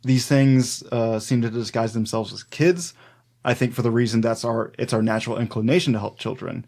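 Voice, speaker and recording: A man co-hosts a folklore podcast in relaxed, unscripted chat. His pitch sits in an ordinary middle range, and he rambles through his notes with frequent fillers and easy laughs. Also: brisk. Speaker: podcast co-host.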